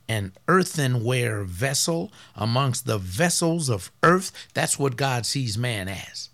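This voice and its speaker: A man preaching a fiery sermon as pastor, swinging from loud outbursts to hushed asides. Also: mid-range voice, vocal fry.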